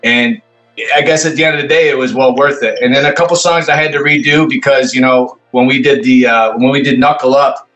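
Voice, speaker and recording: A man in casual podcast chat, talking fast, swearing often and repeating his words. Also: medium pitch, fairly even intonation, a bit bright, faint music behind, low-quality recording.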